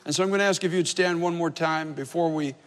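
A man's voice: a little high, fairly even intonation, fast talker, a bit bright. A man, probably in his fifties, preaching as a pastor, telling a personal story with conversational, self-deprecating humor. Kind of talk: sermon with storytelling. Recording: reverberant hall.

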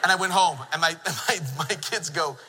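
A middle-aged male pastor delivers a lively sermon, telling stories and teasing his congregation. His voice is high and very bright with a husky edge, and it rings out with the long reverb of a church hall. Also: normal speed, soft background music. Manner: animated storytelling preacher, jokes with the congregation. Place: church sanctuary.

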